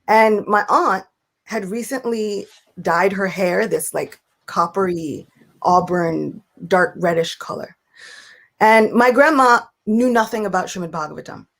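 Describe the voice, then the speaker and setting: A young woman guest in casual spiritual talk, telling a family story with lively acted-out voices. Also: medium pitch, unhurried, gravelly. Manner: animated storyteller, acts out quoted voices. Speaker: guest speaker.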